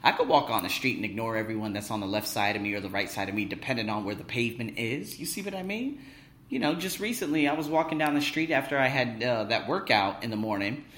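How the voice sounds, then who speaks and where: A man talking in a casual vlog monologue, excitable, boastful and full of swearing, as an English teacher vlogger. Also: mid-range voice, fast, reverberant.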